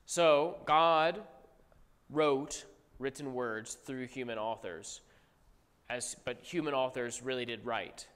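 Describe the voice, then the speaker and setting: A man's voice: medium pitch, takes it slowly, fairly bright tone, clear, resonant tone, big-room sound. A man teaching a theology class in a conversational way, repeating key points and asking the room questions. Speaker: Bible teacher.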